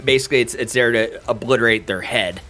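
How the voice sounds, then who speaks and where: A man's voice: medium pitch, quick pace, bright, forceful tone, faint music behind. A man narrating a tabletop game as game master, rambling with many fillers.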